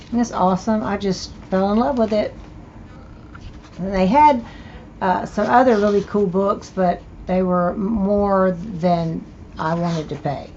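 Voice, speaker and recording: Older Southern woman, slow and chatty. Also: mid-range voice, steady tone, darkish tone, lo-fi sound, a little hiss or hum. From American South. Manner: chatty, delighted exclamations. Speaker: thrift haul host. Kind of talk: casual show-and-tell.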